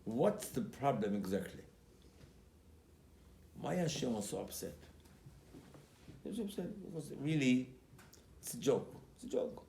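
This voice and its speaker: A man who is a rabbi, giving a Torah class as an animated storyteller who acts out quotes and repeats his key points. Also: mid-range voice, unhurried, creaky, pauses often. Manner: emphatic, repeats key phrases. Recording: roomy recording with faint background noise.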